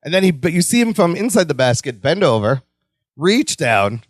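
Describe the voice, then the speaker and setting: A man's voice: fairly high pitch, normal speed, dry recording, clean studio sound. A man co-hosting a podcast, casually recapping a sitcom episode and acting out the characters' lines. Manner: animated retelling, acting out lines in raised voices. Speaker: podcast co-host.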